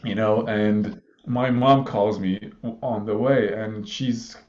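A man in his thirties from Iraq, a guest calmly telling a personal story in a halting way, with many fillers, on a slightly muffled recording. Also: on the low side. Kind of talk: conversational storytelling. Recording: slightly dull, muffled audio.

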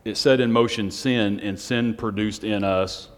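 A man preaching a Sunday night sermon, speaking in a self-described monotone with joking asides to the congregation. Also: on the low side, measured pace. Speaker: pastor. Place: church hall on a Sunday night. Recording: long hall reverb.

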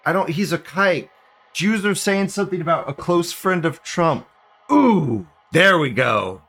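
A man's voice: fairly high pitch, expressive, unhurried, creaky, fairly bright tone, faint music behind. A man hosting a casual livestream, reading out viewer comments and rambling off the cuff with frequent bursts of laughter.

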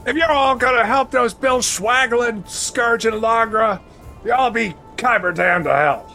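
A man voicing a foul-mouthed, fiery woman rogue who sneers and shouts curses. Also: on the high side, moderate pace, faint music behind. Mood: cursing.

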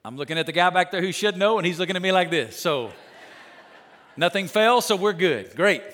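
High, bright-voiced male pastor preaching. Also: expressive, a little fast. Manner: emphatic preaching, swings from loud to hushed; joking asides with the congregation. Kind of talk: sermon.

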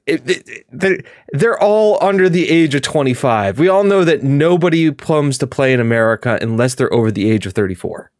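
A man hosting a podcast, chatting in a rambling, animated way and laughing often. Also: mid-range voice, fairly quick, few pauses, dry recording, clean studio sound. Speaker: podcast host. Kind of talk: casual chat.

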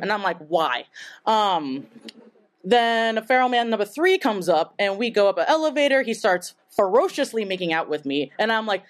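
A woman's voice: medium pitch, expressive, a little fast. A young woman from Taiwan telling a story on stage at a live event, chatty and casual, full of "like" and laughing often. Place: live event in front of an audience.

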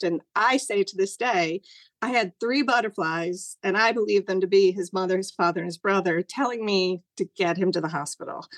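A middle-aged woman recounts a personal story over a video call. She talks in a loose, animated way, and her voice jumps higher whenever she acts out something she once said. The sound is dry and close, with no room echo. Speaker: guest sharing a personal story.

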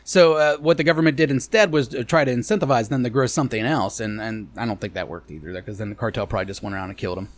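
A man's voice: mid-range voice, racing, few pauses, no room sound. A man co-hosting a podcast, telling crude rambling stories with lots of profanity. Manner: rambling, profane, animated storytelling. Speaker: podcast co-host. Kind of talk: crude comedic banter.

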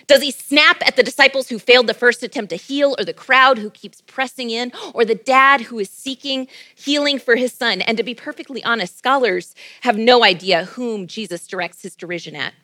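Bright-voiced woman pastor preaching. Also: a little high, moderate pace, dry recording. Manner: playful, conversational preaching. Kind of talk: sermon. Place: church.

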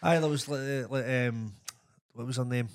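A man's voice: mid-range voice, normal speed. A man co-hosting a podcast in casual chat, blunt and sweary, saying "aye" a lot.

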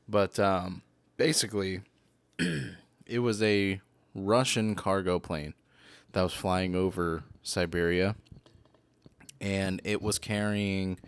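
A man's voice: sits low, clean tone, no echo. A man co-hosting a podcast, chatting casually and crudely, joking and laughing often. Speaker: podcast co-host.

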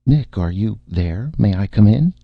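A man voicing a brisk, firm young female literary agent who speaks coldly and businesslike, in a dry, slightly muffled recording. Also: fairly low pitch, animated, gravelly, dry recording, pitched above the performer's own voice, heavily acted.

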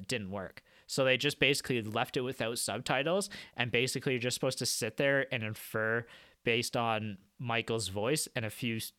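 A man's voice: medium pitch, bright, forceful tone, dry recording, studio quality. A man in his thirties co-hosting a film podcast, casually explaining film trivia. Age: 30s. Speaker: podcast co-host.

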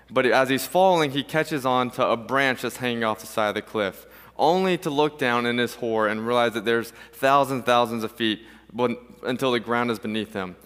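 A man preaching from the front of a church, his voice sitting at an ordinary middle pitch. He tells stories and slips into different voices to make his point. A long reverb from the big hall trails behind every phrase. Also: a bit bright, clear, resonant tone. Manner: storytelling, acts out voices in an anecdote. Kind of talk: sermon. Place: church sanctuary.

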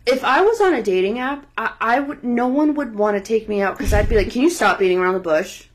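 A woman's voice: on the high side, fast talker, slight background noise. A woman co-hosting a podcast in casual chat, reacting bluntly and teasing her friend. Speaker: podcast co-host.

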